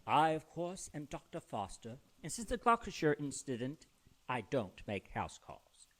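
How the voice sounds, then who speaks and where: A man's voice: a little high, sing-song, moderate pace, a bit bright. A man voicing a grandiose, theatrical male mad scientist with a pompous manner. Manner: pompous, theatrical, dramatic swoops.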